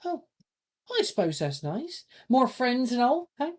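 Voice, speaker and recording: The game master voicing an excitable young schoolgirl wizard student with a high, chirpy way of asking questions. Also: unhurried. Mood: curious.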